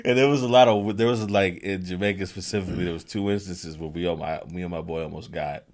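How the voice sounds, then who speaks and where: A man's voice: low voice, fairly even intonation, quick pace, darkish tone. A young adult man from New Jersey, hosting a podcast and telling a funny story in a loose, rambling way with restarts and laughter. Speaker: podcast host. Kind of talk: casual comedic storytelling.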